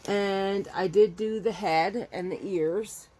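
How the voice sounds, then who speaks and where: A woman's voice: mid-range voice, fairly even intonation, slow pace, mellow. A middle-aged woman chatting casually as a crochet vlogger at home, rambling and emotional as she talks. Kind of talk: casual chat. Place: home with her dogs.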